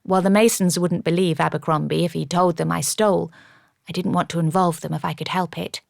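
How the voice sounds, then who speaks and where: Low, gravelly woman narrating an audiobook. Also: steady tone, brisk, no echo. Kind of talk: first-person audiobook narration. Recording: dry studio audiobook.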